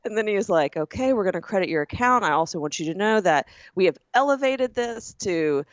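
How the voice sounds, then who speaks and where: A woman from the southern United States co-hosting a casual podcast chat, telling stories with lively acted-out quotes. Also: mid-range voice, fairly quick, no room sound, dull audio. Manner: animated storyteller who acts out quoted people. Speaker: podcast co-host.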